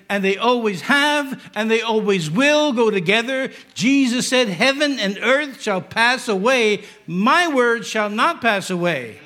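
A man's voice: high-pitched, bright, forceful tone. A middle-aged man with a New York accent, a pastor preaching a sermon in a joking, conversational way with asides.

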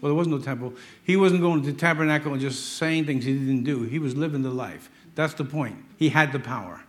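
A man's voice: medium pitch, brisk. A man preaching a sermon, emphatic and joking, acting out the stories he tells.

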